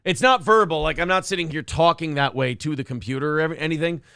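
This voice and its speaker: Male host, gravelly, crude and self-mocking, dry close sound. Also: on the high side, fast talker, bright, forceful tone, dry recording. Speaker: morning show host reading live chat. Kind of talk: casual profane chat.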